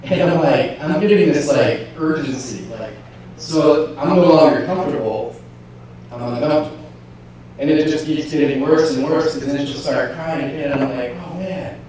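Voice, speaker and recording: Delivering a sermon testimony, a man tells his personal story and acts out both sides of an inner argument, sinking to a murmur before rising to a shout. His voice sits a little high and sounds distant in a very echoey church hall, with a faint hum underneath.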